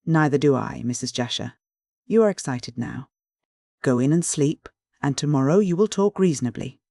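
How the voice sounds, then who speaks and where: A narrator voicing a calm young gentleman who speaks in a low, measured, placating way. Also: vocal fry, no room sound.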